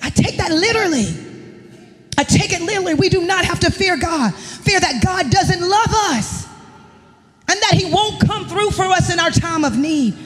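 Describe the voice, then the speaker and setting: A woman's voice: very high voice, animated, normal speed. A woman preaches with fervent, emphatic conviction from a church pulpit. As the pastor's wife and a worship leader, she delivers her sermon passionately. Her voice rings out with a long, echoing church reverb behind it.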